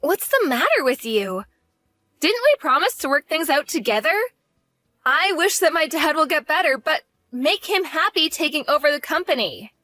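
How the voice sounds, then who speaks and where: Blunt, cutting young wife, high animated voice, dry close sound, voiced by a woman. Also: moderate pace, no room sound, exaggerated voice.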